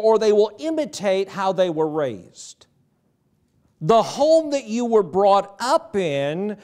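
A man's voice: sits high, darkish tone. A middle-aged man preaching a sermon as pastor, folksy and conversational, asking the congregation questions. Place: church sanctuary.

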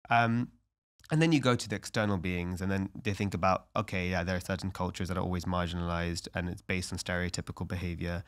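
A man's voice: deep voice, steady tone, quick pace, clear, resonant tone. A young adult man, a podcast guest talking earnestly and reflectively in casual conversation, with lots of "like" fillers.

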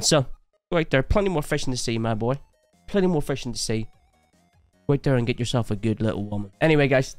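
A man's voice: mid-range voice, darkish tone, dry recording. A man hosting a reaction video, giving blunt, opinionated commentary and joking along the way. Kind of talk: casual commentary.

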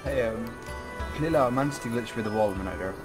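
A man's voice: mid-range voice, rapid-fire. A man from England with an English accent, chatting and teasing in a gaming voice chat. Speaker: gamer in voice chat. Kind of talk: casual chat. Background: game music.

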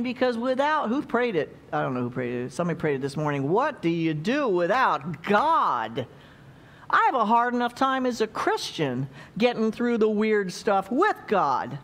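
A woman preaching a sermon in a conversational way, often checking in with the congregation by asking questions. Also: on the high side.

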